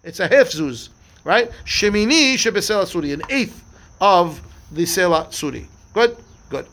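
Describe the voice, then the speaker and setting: A male rabbi leads a Talmud class in a high, gravelly voice. He walks through the text step by step, asking himself questions and answering them, with Hebrew and Aramaic terms woven into his English. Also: animated, moderate pace, a bit bright.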